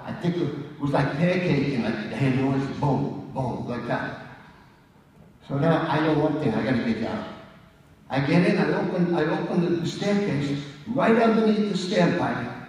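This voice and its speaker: A middle-aged man with a New York accent, a firefighter giving an after-dinner speech, recounting events in animated, punchy bursts with acted-out quotes and asides to the audience. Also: medium pitch. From United States. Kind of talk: dramatic storytelling speech. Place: conference dining hall. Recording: echoey hall, distant mic.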